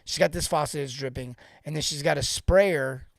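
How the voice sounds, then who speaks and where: A man coaching tradespeople on sales in a live online show. He talks in an animated, emphatic way and drives each point home by repeating it. His voice sits fairly high, and the sound is dry and close. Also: normal speed, gravelly, no room sound.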